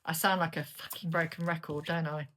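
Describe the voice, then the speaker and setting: A woman's voice: sits low, fairly even intonation, brisk, fairly bright tone, slight background noise. A woman with a British accent giving a casual, chatty tarot reading, blunt and sweary as she turns the cards. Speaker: tarot reader.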